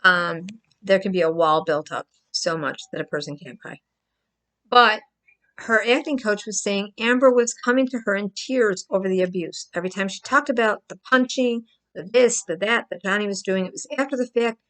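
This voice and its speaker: Vlogger, woman, mid-pitched voice, casual and emphatic, repeats lines for stress. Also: moderate pace, fairly bright tone. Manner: emphatic, repeats herself, acts out crying. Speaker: vlogger commenting on a trial. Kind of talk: casual commentary to camera.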